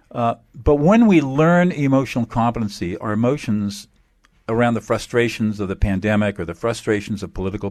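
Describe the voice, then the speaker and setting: Male mediator guest, lowish voice, emphatic teacher-like explainer, close dry mic. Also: a little mellow, no echo. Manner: emphatic, explanatory, repeats key phrases. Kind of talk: interview answers.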